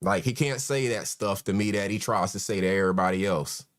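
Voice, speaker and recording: A man's voice: fairly low pitch, fairly quick. A man, hosting a casual live stream and greeting chat members one by one in a laid-back way. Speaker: host.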